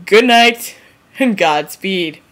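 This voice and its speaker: A woman's voice: mid-range voice, lively intonation, slow pace, fairly bright tone. A woman vlogger ranting casually and comically to camera, rambling, laughing at herself and swearing freely. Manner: rambling, giggly, swears freely, acts out quotes. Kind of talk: casual comedic rant to camera.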